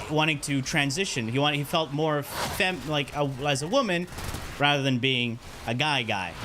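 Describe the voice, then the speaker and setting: A male streamer spins a long personal story for his viewers, swearing freely and tossing in "right?" to keep them with him. His voice sits a touch high and swings widely in pitch as he gets worked up. A steady hiss of background noise runs under the recording. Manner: animated, profane, keeps checking in with "right?". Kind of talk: casual storytelling on a livestream.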